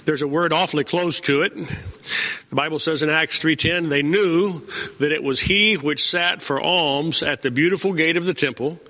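A man preaching an informal sermon in a folksy, conversational way, often pausing with "uh". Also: fairly high pitch, bright, forceful tone. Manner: folksy and conversational, many "uh" fillers. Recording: echoey hall, dull lo-fi sound.

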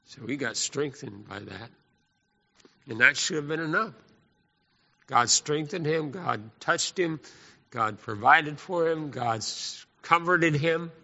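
A man preaching a sermon in an animated, folksy style. His voice is gravelly and bright. It echoes through a church hall on a muffled recording. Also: fairly high pitch, takes it slowly.

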